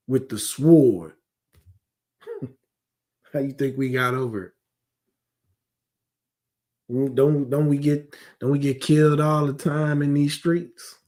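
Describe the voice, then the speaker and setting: A man's voice: mid-range voice, darkish tone. A man teaching a scripture class in a heated, conversational way, often asking rhetorical questions and drifting into digressions.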